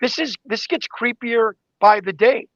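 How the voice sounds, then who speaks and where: A man telling an investigation story in an interview, excited and acting out the exchanges he quotes. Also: extremely high pitch, measured pace, no room sound, lo-fi sound. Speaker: guest investigator. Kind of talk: animated interview talk.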